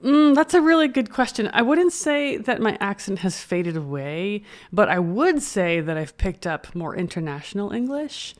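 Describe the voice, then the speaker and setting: An American woman co-hosting a bilingual podcast, an English teacher who speaks with clear, careful enunciation. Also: mid-range voice, very animated, moderate pace, few pauses. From United States. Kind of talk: casual bilingual podcast chat.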